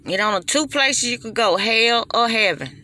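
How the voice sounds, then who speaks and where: A woman's voice: a little high, lively intonation, unhurried, sharp tone. A woman, giving an impassioned, preachy monologue straight to her phone. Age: 40s. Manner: preachy, emphatic and repetitive. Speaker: vlogger.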